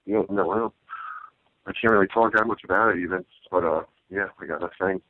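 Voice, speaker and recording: A very deep-voiced man, a stand-up comedian, chats casually in an interview, hesitating and restarting his sentences. His voice comes through dry and tinny, like a phone line. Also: no room sound. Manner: halting, with many restarts and fillers.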